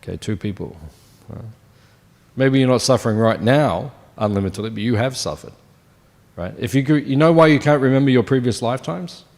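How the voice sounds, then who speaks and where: A man's voice: mid-range voice, gravelly, a little mellow. A man in his fifties giving a morning scripture class in a temple. He talks in a loose, conversational way and keeps asking the listeners questions. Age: 50s. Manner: conversational, asks the audience questions. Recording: long hall reverb.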